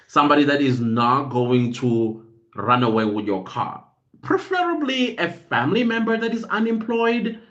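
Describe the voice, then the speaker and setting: A man's voice: medium pitch, a bit bright, highs cut off. A man hosting a podcast, giving casual advice in a rambling way, often searching for words with ums and uhs. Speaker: podcast host.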